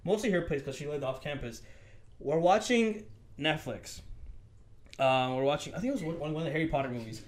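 On a casual podcast, a lively young co-host tells a story a little fast, his fairly high voice rising and falling as he acts out each part. He swears freely and keeps things moving.

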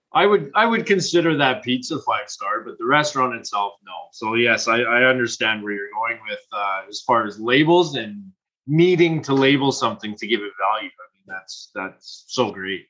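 A man's voice: mid-range voice, lively intonation, normal speed, pushed and bright, highs cut off. A man co-hosting a podcast, chatting in an easygoing way and laughing along. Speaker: podcast co-host. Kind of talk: casual podcast chat.

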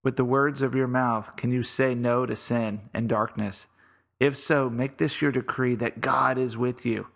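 Earnest man with a gravelly voice. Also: mid-range voice, steady tone, measured pace, a bit bright. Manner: earnest, exhorting. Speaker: podcast host. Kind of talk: devotional Bible teaching.

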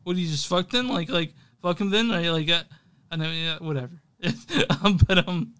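Male podcast co-host, fairly high voice, loose rambling chat with laughs. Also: normal speed, fairly bright tone, smooth. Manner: rambling, laughs often, many fillers. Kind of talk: casual chat about music.

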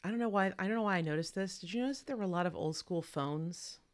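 A woman's voice: lowish voice, fast talker. A woman co-hosting a casual movie-talk show, chatty and opinionated, swearing freely. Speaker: podcast co-host.

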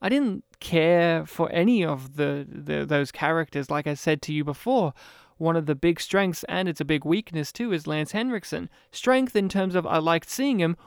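A man co-hosting a casual film review chat, talking in an animated, rambling way. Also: a little high, gravelly, clear, resonant tone, dry recording, studio quality. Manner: animated, rambling, quick to mimic characters. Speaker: film podcast co-host.

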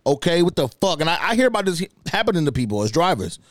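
A young man hosting a podcast, telling stories in a profane, animated, casual comedic way, jumping higher in pitch when outraged. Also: quick pace, dry recording. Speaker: podcast host.

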